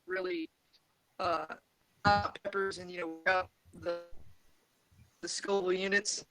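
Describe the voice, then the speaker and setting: A man's voice: high-pitched, poor audio. A man telling a rambling story in casual chat over a video call, audio glitching robotically at times. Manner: rambling storyteller, many restarts and "like". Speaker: friend in a group video call. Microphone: computer mic on a video call.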